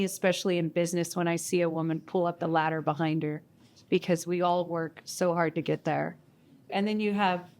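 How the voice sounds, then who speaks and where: A woman speaking on a live panel at a community event, animated and self-mocking, often acting out her own inner voice. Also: fairly low pitch.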